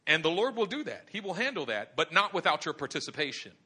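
A male preacher tells the story dramatically, his high voice swinging widely in pitch. The tone is bright and forceful, and he often builds up to shouts. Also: very animated, moderate pace, pauses often, breathy edge. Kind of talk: sermon.

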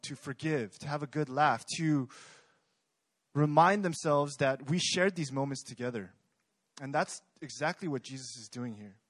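With no room sound in the audio, a fairly high-pitched young man delivers a sermon in a chatty manner, often asking his congregation questions.

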